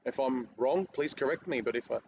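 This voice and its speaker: A man's voice: mid-range voice, fairly quick, a little mellow. A man, a guest telling a rambling story in casual podcast chat. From Australia. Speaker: guest car detailer. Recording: muffled lo-fi audio with faint noise.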